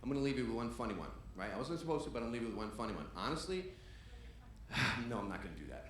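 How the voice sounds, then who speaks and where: A man performing a stand-up comedy set on a club stage, acting out dialogue and shouting his punchlines. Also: medium pitch, very animated, very fast, noisy background. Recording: roomy club sound with audience laughter. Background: audience laughter.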